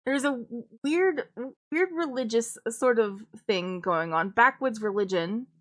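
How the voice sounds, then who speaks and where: A woman's voice: fairly high pitch, unhurried, a bit bright. Woman rambling through a casual stream chat. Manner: rambling, many fillers and restarts, casual swearing.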